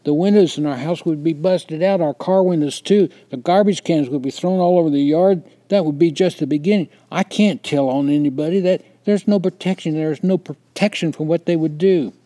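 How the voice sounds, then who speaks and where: A man voicing his teenage self, shouting and pleading through tears. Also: a little high, normal speed, hardly any pauses, pitched above the performer's own voice, natural voice. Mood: desperate. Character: distraught teenage boy pleading.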